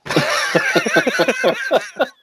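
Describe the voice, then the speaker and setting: A man's voice: very high-pitched, wildly swooping pitch, extremely slow, sharp tone, husky. A man hosting a casual podcast, recapping a movie in a joking, profane way and laughing often. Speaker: podcast host.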